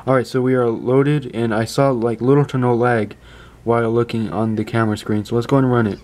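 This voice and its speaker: A man's voice: mid-range voice, little pitch movement, fairly quick, darkish tone. A man giving a casual phone review indoors, chatty and stumbling over his words, often stopping to apologize. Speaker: tech reviewer.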